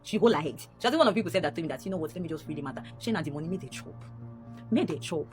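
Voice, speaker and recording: A young adult woman with a Nigerian accent telling a painful personal story, animated and repeating herself, her voice rising sharply when upset. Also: deep voice, racing, faint music behind.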